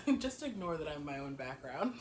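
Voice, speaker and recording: A woman's voice: low-pitched, sing-song, fairly quick, darkish tone, slight background noise. A woman recapping a TV episode in a casual, chatty way, giggling often and slap-happy from being up early. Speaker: TV show reviewer. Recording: echoey room.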